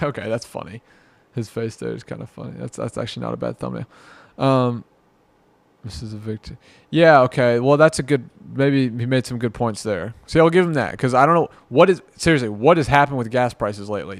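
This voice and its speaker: A commentary vlogger with a medium-pitched, creaky voice gives rambling, exasperated reactions, muttering to himself and mocking what he watches. The recording is dry.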